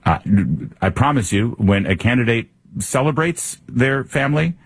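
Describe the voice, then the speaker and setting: A man's voice: mid-range voice, animated, normal speed, breathy edge, no echo. A male radio talk show host delivering a sarcastic, combative political monologue.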